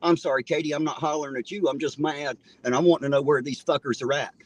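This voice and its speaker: A man's voice: on the high side, fairly even intonation, fast talker, no room sound. An angry man, ranting with a stream of curses while hosting a livestream from a car on his phone. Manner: loud, cursing, indignant. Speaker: livestream host. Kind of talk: angry profane livestream rant.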